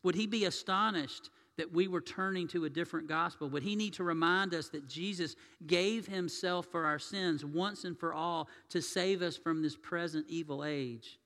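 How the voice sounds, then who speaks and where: A man preaching a sermon as pastor, telling stories and swinging between loud and hushed delivery. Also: on the high side, normal speed, hardly any pauses. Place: church sanctuary. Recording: long reverb of a church hall.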